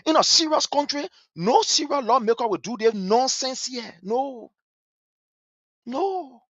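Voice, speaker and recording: Liberian guy ranting about politics, pitch all over the place, dry muffled stream audio. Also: animated, measured pace, a bit bright, no room sound. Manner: scornful and emphatic, repeats phrases for effect. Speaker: political commentator. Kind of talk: impassioned political commentary.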